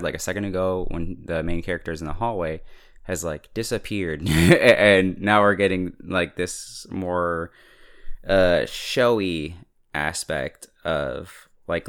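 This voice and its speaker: A man's voice: low-pitched, a bit bright, smooth. A man casually recapping a TV episode, chatty and full of fillers, often breaking into laughs. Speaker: TV episode reviewer.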